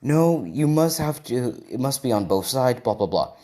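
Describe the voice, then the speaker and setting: A man's voice: mid-range voice, big pitch swings, normal speed, dark tone, close to an everyday voice. A man voicing a helpful female inner guide who explains magic, in his own plain voice. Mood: instructive. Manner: instructive, explaining.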